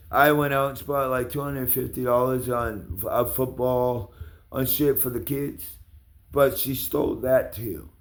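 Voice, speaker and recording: A man telling a rambling story in an angry, profane rant, his voice rising and getting louder as he heats up. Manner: gets louder and higher when angry. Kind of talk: angry ranting monologue.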